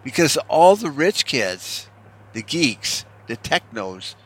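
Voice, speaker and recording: A man's voice: medium pitch, very animated, slow, husky. A man giving rambling, profane, sarcastic commentary, unscripted and full of restarts.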